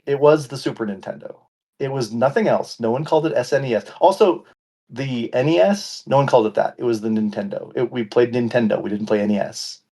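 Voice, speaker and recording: A man's voice: medium pitch, a little fast, warm tone. A man in his forties co-hosting a podcast, chatting casually and ranting with playful mock indignation. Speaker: podcast co-host. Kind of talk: casual chat.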